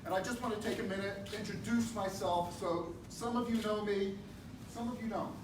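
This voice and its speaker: A man's voice: high-pitched, steady tone, normal speed. Earnest man introducing himself to voters. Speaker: candidate. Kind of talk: campaign speech. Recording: echoey room, distant mic, noisy.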